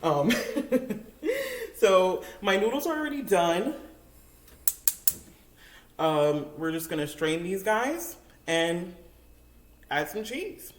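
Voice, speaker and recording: A woman's voice: fairly low pitch, very animated, slow, pauses often, echoey room, a little hiss or hum. A young woman telling a casual story while she cooks in her home kitchen. She talks in a chatty, giggly way, full of likes and ums, and is picked up by a camera on a makeshift tripod. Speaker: cooking vlogger.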